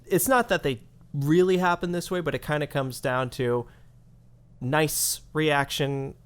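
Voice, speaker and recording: A man co-hosting a gaming podcast in casual chat, relaxed, with chuckles and loose asides. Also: on the high side, measured pace, smooth. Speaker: podcast co-host.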